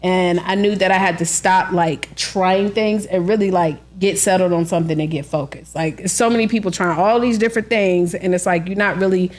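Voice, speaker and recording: A woman's voice: lowish voice, normal speed, hardly any pauses. Chatty woman telling stories. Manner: chatty storyteller, lots of "like" fillers, laughs often. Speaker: author and book coach, podcast guest. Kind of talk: casual interview chat.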